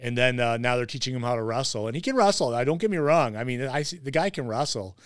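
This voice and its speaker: A man's voice: medium pitch, lively intonation, fast, no echo, clean studio sound. A man hosting a casual wrestling podcast, rambling with lots of fillers and restarts. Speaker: podcast host.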